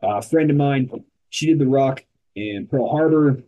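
Here the endurance organization's founder, a podcast guest in a relaxed interview, delivers punchy, emphatic stories with lots of energy and short sentences. His mid-range voice moves at a normal speed, captured with lo-fi sound.

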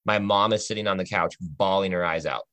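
A man tells a personal story of faith in an earnest, chatty way, often pausing to ask "right?" His low voice is bright and forceful. The recording is dry and close. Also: no room sound.

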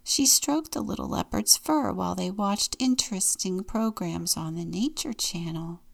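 A woman deacon reading a children's picture book aloud in a gentle, unhurried storytelling manner. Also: on the low side, expressive, vocal fry.

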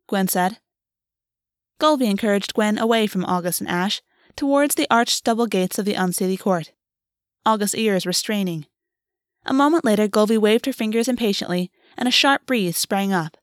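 A woman reading a fantasy story aloud with even, steady storytelling. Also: medium pitch, normal speed, dry recording, studio quality. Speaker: audiobook narrator. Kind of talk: fiction read-aloud.

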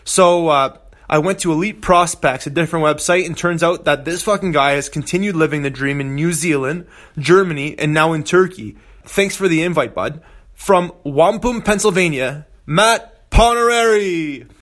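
A man's voice: a little high, moderate pace, fairly bright tone. A man in his thirties, a podcast host reading a playful, jokey introduction. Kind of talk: scripted introduction.

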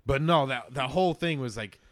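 A man's voice: mid-range voice, a little fast, dry recording. A man co-hosting a podcast, chatting casually and rambling with many fillers. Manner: rambling, lots of "like" fillers, laughing often. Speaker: podcast co-host. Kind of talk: casual joking chat.

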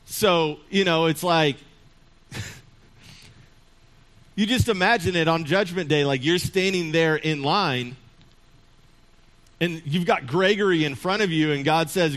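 High-voiced, chatty male preacher. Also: takes it slowly, pauses often, fairly bright tone. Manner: humorous storytelling, chuckles often, conversational. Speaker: pastor. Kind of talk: sermon.

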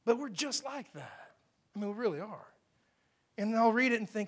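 A man with a notably high voice preaches a sermon into a microphone. He keeps it conversational and emphatic, checking in with his listeners with quick questions as he goes. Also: lively intonation. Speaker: pastor.

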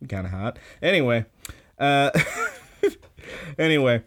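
A man's voice: mid-range voice, wildly swooping pitch, slow, a bit bright. A man hosting a podcast, recapping an episode in a casual, rambling way with lots of fillers and restarts. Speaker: podcast host.

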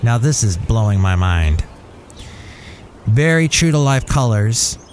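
A man's voice: lowish voice, sing-song, slow, darkish tone, slight background noise. A man hosting a solo podcast, reading out facts and breaking off into joking asides. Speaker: podcast host. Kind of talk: solo podcast monologue reading tech info.

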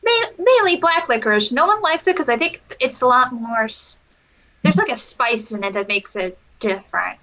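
A woman's voice: on the high side, animated, moderate pace, a bit bright, rough recording. A woman co-hosting a casual podcast, rambling with lots of fillers as she reviews a wrestling match. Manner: rambling, giggly, full of fillers. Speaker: podcast co-host.

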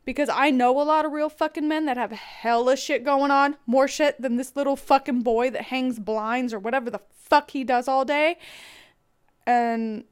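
A woman's voice: fairly high pitch, clear, resonant tone. A woman host venting bluntly and profanely about a man who let her down, in a confessional rant. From Irish heritage. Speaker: podcast host.

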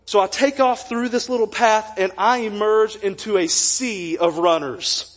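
A young man preaching a sermon as pastor, telling a personal story in a jokey, animated way with acted-out quotes. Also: high-pitched, unhurried. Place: church sanctuary.

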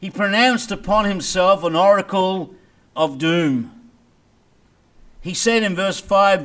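Pastor preaching with dramatic swings. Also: male voice, high-pitched, lively intonation, slow, pauses often, a bit bright. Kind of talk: sermon.

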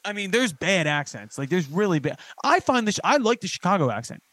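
Philly guy podcast host, kinda high voice, dry close mic, swears a lot. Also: a little fast, no room sound. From Philadelphia. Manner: animated, swears freely, mocks overdone accents. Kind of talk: casual chat.

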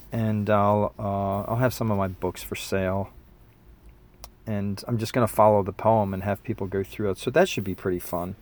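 A man in his fifties talking in a casual monologue, earnest and reflective, sometimes excited, with fillers and restarts. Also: fairly low pitch, no echo. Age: 50s. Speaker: musician and spiritual teacher.

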